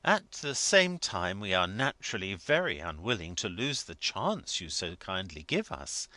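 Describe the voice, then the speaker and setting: A man's voice: lowish voice, sharp tone, no room sound, exaggerated voice. A man voicing an anxious, obliging clergyman who speaks earnestly and hesitantly in an audiobook reading.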